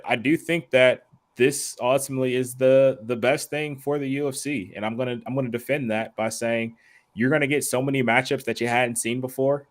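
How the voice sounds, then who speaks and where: A man co-hosting a sports podcast, giving measured, explanatory analysis with a few fillers. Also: mid-range voice. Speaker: podcast co-host.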